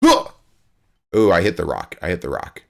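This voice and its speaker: A man's voice: low-pitched, big pitch swings, fast talker, vocal fry. A young man streaming a game live, chatting with his viewers in a rambling, playful way and grunting as he plays.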